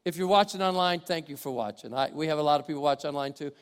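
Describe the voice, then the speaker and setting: An older man preaching a sermon as pastor in a church, swinging from loud preaching to quiet, conversational asides. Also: on the high side, fast, smooth. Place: church sanctuary with congregation. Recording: long hall reverb.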